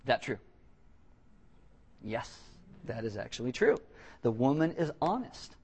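Animated joking male pastor preaching. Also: medium pitch, unhurried, husky. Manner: animated, joking, acts out quotes in voices. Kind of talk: sermon.

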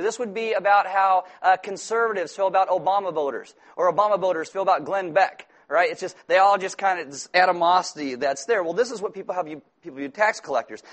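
A man preaching a sermon to a congregation, working humorous asides and quick jokes into his Bible teaching. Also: sits high, a bit bright. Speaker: pastor.

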